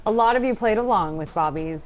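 A woman co-hosting a TV news talk show, reading health news and viewer comments in a brisk, upbeat way. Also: medium pitch, lively intonation, soft background music. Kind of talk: news reading and studio banter.

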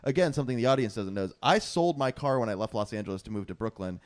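A man's voice: medium pitch, lively intonation, rapid-fire. A young man hosting a casual podcast, joking, laughing often and rambling into asides, recording from his father's home office. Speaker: podcast host. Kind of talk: casual chat.

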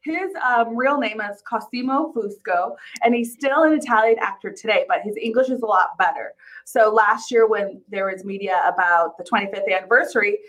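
A woman co-hosting a casual podcast chat, laughing often and trailing off before she finishes a thought. Her voice sits at an ordinary middle pitch, easygoing and conversational. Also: moderate pace, few pauses, fairly bright tone, rough recording. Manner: chatty, laughs often, trails off mid-sentence. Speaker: podcast co-host.

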